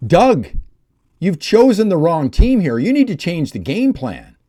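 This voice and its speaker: A man's voice: sits high, big pitch swings, a little slow, mellow. A man delivering a heated opinion vlog about politics, emphatic and ranting. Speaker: political commentator.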